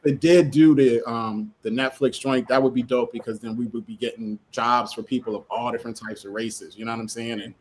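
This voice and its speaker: A man's voice: medium pitch, fairly even intonation, fairly quick, hardly any pauses, poor audio. A man, a comic creator guest on a casual podcast, talking in loose slang and acting out quotes as he tells a story.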